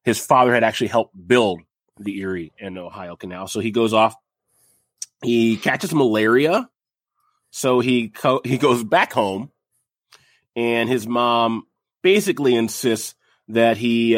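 A man's voice: mid-range voice, steady tone, unhurried, dry recording, studio quality. A young adult man casually telling a history story on a podcast, rambling with fillers and jokey asides.

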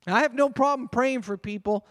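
In a church sanctuary, a high-voiced pastor with a fairly bright tone preaches earnestly, his voice ringing out through the long reverb of the hall. When he reaches scripture, he slows to read it aloud.

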